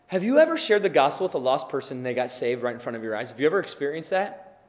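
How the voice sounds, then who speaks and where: A man preaching in a church, his voice a touch high for a man and carried by a long reverb from the sanctuary. He talks loosely and plainly, full of everyday fillers, then presses his point with rising fervor. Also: expressive, brisk. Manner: conversational storytelling that builds to fervent preaching, then a hushed prayer. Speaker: pastor. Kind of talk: sermon.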